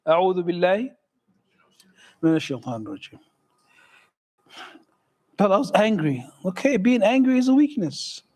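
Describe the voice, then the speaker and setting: A middle-aged imam with a high voice gives a loose, conversational sermon in a mosque hall. He jokes with the congregation and keeps asking them questions. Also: very animated, quick pace, long pauses, a little mellow. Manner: joking, conversational, asks the audience questions.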